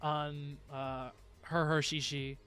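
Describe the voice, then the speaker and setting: A man's voice: fairly high pitch, little pitch movement, slow pace, a bit bright, clear, resonant tone, soft background music. A man streaming live, chatting casually and rambling to his viewers with frequent laughs.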